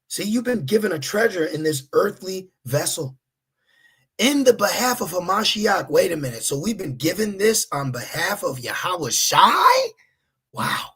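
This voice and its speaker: A man preaching a streetwise sermon, casual and profane, driving points home with a repeated "okay?" and jumping into high acted-out asides. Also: very animated, normal speed, fairly bright tone, breathy edge. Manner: acts out voices in high pitched asides.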